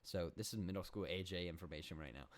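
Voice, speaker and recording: A young man delivers a comedic solo monologue with mock-serious confidence. He rambles, doubles back and corrects himself. His voice sits on the low side. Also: quick pace. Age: young adult. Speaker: podcast host.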